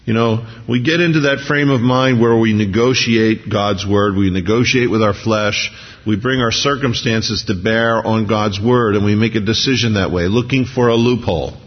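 A man with a lowish voice speaks at a normal pace, preaching a sermon as a pastor. His delivery is conversational, full of rhetorical questions and frequent restarts. The recording is dull and lo-fi, with a long hall reverb.

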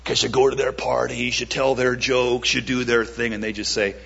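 A man preaches at a church service in a husky voice that stays at a middle pitch. He takes his time, pausing for effect and repeating words. The recording sounds dull and lo-fi. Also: little pitch movement, fairly bright tone. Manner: slow, emphatic preaching with dramatic pauses and repeated words. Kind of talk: sermon with an altar call.

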